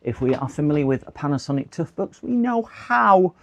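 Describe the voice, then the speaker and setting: A man's voice: fairly high pitch, very animated, normal speed, gravelly. A man, chatting casually on a live stream while repairing computers, rambling and laughing to himself.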